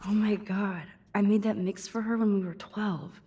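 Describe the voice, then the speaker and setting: An actress playing a gentle, earnest young woman in a video game, speaking softly and hesitantly. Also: mid-range voice, steady tone, normal speed, breathy edge, natural voice.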